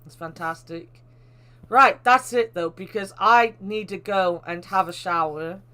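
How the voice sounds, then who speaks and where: Bright-voiced playful woman streamer. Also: mid-range voice, a little slow. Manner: playful, swears casually. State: sore throat after a long stream. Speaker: streamer and narrator. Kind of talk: reading a dating game aloud and casual stream chat.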